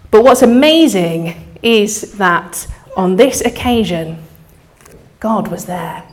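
A woman leading an interactive children's talk at church, coaxing the audience to join in, speaking into a microphone to a live crowd. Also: mid-range voice. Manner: lively, coaxing, audience participation.

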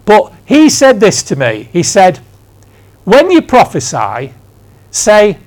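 A man's voice: high voice, wildly swooping pitch, a little slow, darkish tone. A man in his sixties from England, preaching a conversational sermon in church, telling stories with emphatic asides. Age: 60s. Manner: storytelling, emphatic, self-deprecating asides.

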